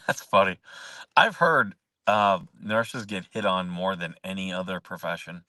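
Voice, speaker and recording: A man's voice: low-pitched, a little slow, sharp tone, no echo. A man hosting a casual live-stream chat, laughing often and joking loosely with viewers. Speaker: host.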